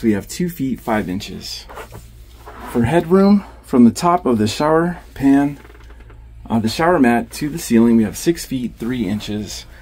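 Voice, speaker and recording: A man's voice: medium pitch, darkish tone, a little hiss or hum. A man, an RV salesman, casually narrating a walkthrough of a camper van, upbeat as he lists each feature he points out. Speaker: RV salesman giving a walkthrough tour.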